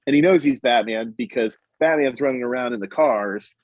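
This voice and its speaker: A man's voice: medium pitch, brisk, dry recording. A man co-hosting a podcast, casually recapping a comic and acting out the characters' lines. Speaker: podcast co-host. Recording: dull, muffled audio.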